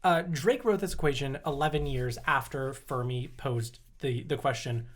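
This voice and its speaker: Casual podcast host explaining science. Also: male voice, medium pitch, moderate pace. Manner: explains at length, laughing, swears casually. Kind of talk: casual chat.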